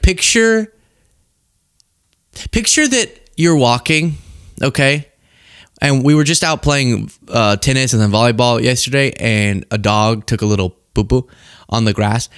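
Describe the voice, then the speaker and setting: A young man hosting casual political commentary, animated and jokey, laughing at his own rhymes. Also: medium pitch, no room sound, clean studio sound.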